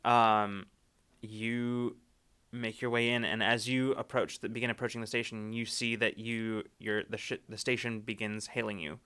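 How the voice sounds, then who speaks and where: Male game master, bright and crisp; rambly, restart-heavy narration. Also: fairly low pitch, level tone, moderate pace. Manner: rambling, many restarts and fillers.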